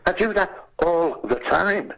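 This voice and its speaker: An older man with a Liverpool accent, telling anecdotes as a podcast guest, animated and calling the listener "lad". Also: high voice, takes it slowly, gravelly, rough recording. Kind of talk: casual storytelling.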